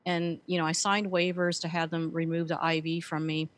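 A woman who is an author and speaker appears as a guest in a conversational interview, earnestly telling her story with frequent fillers. Her voice is fairly low with little pitch movement, and she talks at a normal speed.

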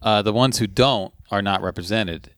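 Forties guy, lowish voice, loose sweary podcast chat. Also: normal speed, no room sound, studio quality. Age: 40s. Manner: swearing, animated retelling of clips. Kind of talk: casual chat.

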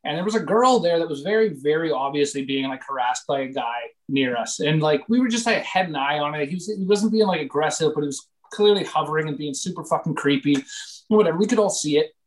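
Animated swearing comedian spinning a story. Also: male voice, on the high side, quick pace, poor audio. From Canada. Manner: animated, swearing, many filler words. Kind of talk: casual storytelling in podcast chat.

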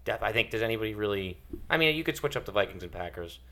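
A man's voice: on the low side, lively intonation, fast, sharp tone. A man appearing as a guest on a casual podcast, bantering and joking. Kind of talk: casual chat.

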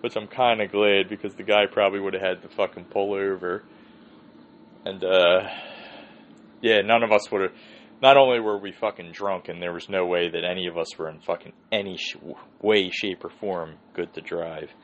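A man's voice: low voice, fairly even intonation, moderate pace. A man hosting a podcast, telling a rambling, swear-heavy story and laughing often. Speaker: podcast host. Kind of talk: casual storytelling. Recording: dull lo-fi sound with faint hiss.

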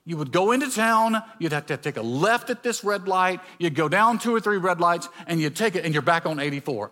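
A middle-aged man from Mississippi, preaching a sermon built around personal stories, acting out the voices of people he met. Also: high voice. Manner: storytelling, animated, acts out dialogue with voice changes. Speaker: pastor.

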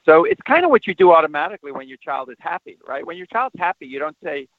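A man answering interview questions as a parenting expert, explaining at length and turning animated when he shows how to talk to children. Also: on the high side, fast, dry recording. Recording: tinny phone line, dry.

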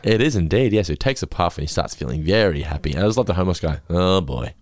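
A man hosting a podcast, giggling often and slipping into animated impressions as he recaps an episode. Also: deep voice, racing, dry recording. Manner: giggly, jumps into animated impressions when quoting. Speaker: podcast host. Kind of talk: casual recap chat.

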